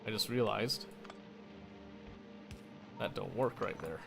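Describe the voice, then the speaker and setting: A man talks through a building game at an unhurried pace, thinking out loud. He mutters to himself and corrects his own slips as he plays. Soft game music runs faintly under his voice. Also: fairly low pitch, creaky. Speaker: gameplay streamer. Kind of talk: casual gameplay commentary.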